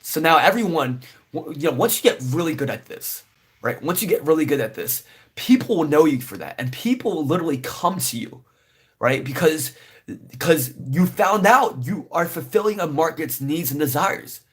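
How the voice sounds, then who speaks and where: A man's voice: fairly high pitch, animated, normal speed, breathy edge. A young man giving casual, rambling business advice to camera, full of fillers and "right?" tags. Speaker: business vlogger.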